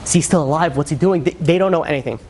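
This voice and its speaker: A man, a rabbi, telling a sermon story in a lively, conversational way, acting out the lines of the people in it. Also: a little high, fast, slight background noise. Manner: animated, conversational, frequent fillers and acted quotes.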